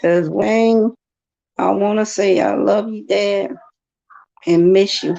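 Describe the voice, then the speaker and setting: Dark gravelly voice, slow and halting, keeps repeating itself. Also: mid-range voice, fairly even intonation. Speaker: sibling guest. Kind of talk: livestream chat. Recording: dull lo-fi livestream audio.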